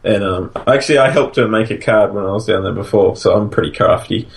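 A man's voice: fairly low pitch, a little fast, creaky, over a noisy crowd. A man co-hosting a podcast in casual chat, rambling and restarting his sentences. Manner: rambling, restarts often, laughs at own stories. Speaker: podcast co-host.

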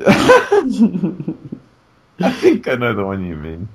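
A man co-hosting a casual podcast, teasing and animated, laughing often. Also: low-pitched, slow. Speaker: podcast co-host and game developer.

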